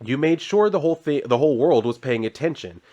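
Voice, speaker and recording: A man reading aloud as a steady, calm superhero dad from a comic book, spoken plainly in a mid-range voice. Nothing dramatic, just the comic dialogue spoken as it comes. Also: medium pitch, fairly quick, muffled recording, close to an everyday voice. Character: older male superhero father, calm and steady.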